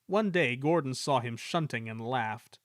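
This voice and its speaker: A man reading a children's railway story aloud in a measured, expressive way. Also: medium pitch, dry recording, studio quality. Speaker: reader.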